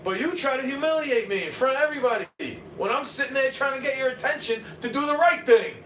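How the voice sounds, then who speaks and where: A man's voice: extremely high pitch, fast talker, recorded from a distance, a little hiss or hum. A man with a New York accent, ranting and swearing on a livestream in a combative monologue. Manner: combative, swearing, jumps between muttering and shouting. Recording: roomy, off-mic, faint ambience.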